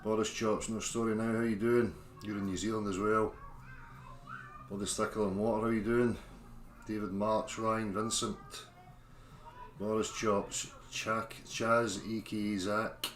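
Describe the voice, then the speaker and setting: A man's voice: fairly low pitch, little pitch movement, measured pace, echoey room, a little hiss or hum. A Scottish man hosting a casual livestream, chatting informally and reading out viewers' names as he greets them. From Scotland. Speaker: livestream host.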